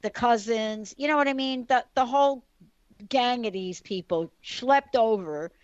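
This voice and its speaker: A woman, hosting a radio talk show and telling a story in a chatty, animated way full of asides. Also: on the high side, a little slow, no room sound. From the Bronx, New York. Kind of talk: casual radio chat, storytelling. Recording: dull lo-fi radio recording.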